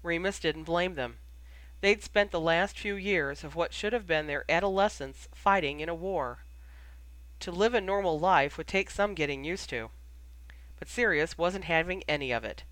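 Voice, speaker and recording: Measured audiobook narrator, dry close sound. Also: mid-range voice, a bit bright, no echo. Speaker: audiobook reader. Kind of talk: fan fiction audiobook narration.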